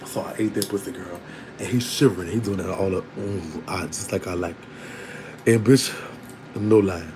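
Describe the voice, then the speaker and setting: A man telling a candid personal story to his online audience in a casual, animated way, often breaking into laughter. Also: low voice, normal speed, noisy background. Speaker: storytelling vlogger.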